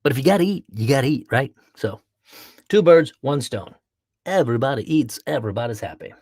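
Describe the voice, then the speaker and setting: A man's voice: medium pitch, expressive, fairly quick, a little mellow, breathy edge, no room sound, studio quality. A man hosting a casual livestream podcast, playful and jokey, greeting viewers by name as he chats. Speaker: podcast host.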